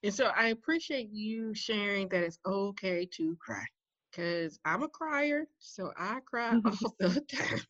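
A woman podcast host in casual conversation, expressive and affirming as she responds. Her voice comes through a slightly dull, lo-fi recording that is dry and close. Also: medium pitch, a little slow, dry recording.

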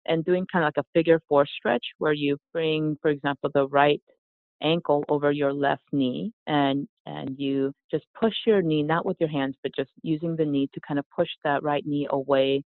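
A woman, a yoga teacher and author, explaining her ideas in a calm, earnest way as an interview guest. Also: sits low, moderate pace, no echo. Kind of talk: casual interview. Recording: tinny phone-like line.

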